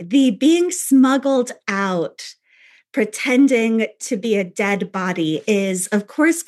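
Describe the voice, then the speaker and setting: A woman leads a text study lesson in a fairly high voice. She reads quoted passages aloud, then turns back to explain them, tagging her points with a questioning "right?". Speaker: teacher.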